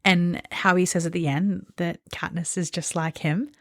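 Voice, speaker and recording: A woman's voice: on the low side, fairly even intonation, moderate pace, no room sound, clean studio sound. A woman co-hosting a podcast in a casual book discussion, earnest and thoughtful, with plenty of fillers like "like" and "you know". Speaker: podcast co-host.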